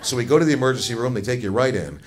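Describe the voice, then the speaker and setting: A man's voice: mid-range voice, animated, racing. A man doing a crude, self-mocking stand-up comedy routine, telling a story to a laughing audience. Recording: noisy live comedy recording.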